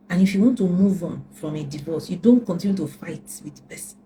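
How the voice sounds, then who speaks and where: A woman's voice: lowish voice, moderate pace, pauses often, warm tone, a little hiss or hum, rough recording. A middle-aged woman relationship coach giving earnest personal advice, repeating points with preacherly emphasis.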